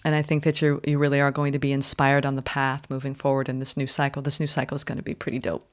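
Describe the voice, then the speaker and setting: A woman giving a casual spoken tarot reading, expressive and emphatic, swinging between loud exclamations and soft murmurs, often saying "right?" and "like". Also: extremely low pitch, normal speed, a little hiss or hum. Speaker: tarot reader.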